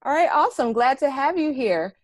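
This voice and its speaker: A woman's voice: high voice, animated, brisk, no echo, studio quality. A woman hosting a podcast panel in an upbeat, enthusiastic way, speaking over a video call. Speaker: panel host.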